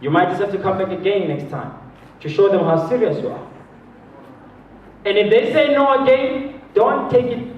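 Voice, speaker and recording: Motivational speaker, man from South Africa, high and animated, heard from afar in a big echoey hall. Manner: animated, acts out voices of others, chuckles often. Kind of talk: motivational talk to a live audience. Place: large hall with an audience. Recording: distant, roomy, dull hall recording.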